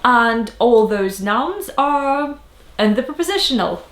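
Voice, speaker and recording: A woman teaching a language lesson, saying each example word slowly and carefully. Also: fairly high pitch, lively intonation, fairly bright tone, roomy sound. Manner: slow careful enunciation of example words.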